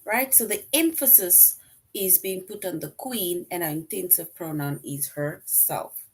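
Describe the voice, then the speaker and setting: Lower-voiced woman teaching grammar. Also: breathy edge, poor audio. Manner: explains slowly, repeats example sentences, tag "right?". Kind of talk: recorded grammar lesson.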